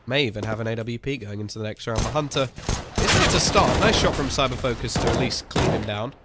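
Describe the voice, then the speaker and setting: Man, solo caster for an online shooter match, quick play-by-play over game gunfire and clicks. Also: medium pitch, heavy background noise. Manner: excitable play-by-play that slips into chat with viewers. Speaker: esports caster. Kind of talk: live game commentary.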